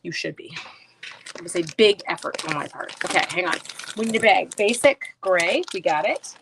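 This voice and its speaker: A woman's voice: on the low side, normal speed, vocal fry. A woman hosting a crafting livestream, chatting casually with viewers and teasing herself while she works. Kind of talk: casual crafting chat, reading viewer comments. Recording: faint background noise.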